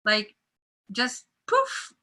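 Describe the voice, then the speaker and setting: A woman recounts a personal experience to her group in an animated, expressive way. She acts out the voices of people she quotes. Her voice is very bright and a little higher than most women's. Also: drawn-out words, low-quality recording. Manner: animated storyteller who acts out quoted voices and laughs often. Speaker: meeting participant. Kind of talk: sharing a personal story in a group meeting.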